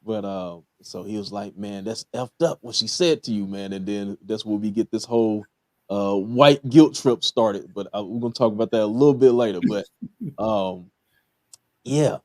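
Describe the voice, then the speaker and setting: In a fairly low, slightly mellow voice at normal speed, a Southern-accented man casually hosts a TV episode review podcast. The studio recording is clean with no room sound, and he rambles easily with many fillers, laughing at his own jokes.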